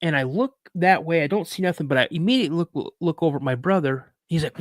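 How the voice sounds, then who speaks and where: A man guest on a podcast, casually telling a story in an animated way, acting out quoted dialogue and often restarting his sentences. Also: a little high, brisk, hardly any pauses, no room sound.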